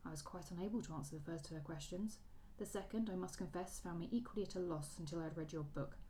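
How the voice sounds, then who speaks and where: A woman reading as a cold, cutting Regency gentleman. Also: lowish voice, fast talker, slight background noise, close to an everyday voice, low-quality recording.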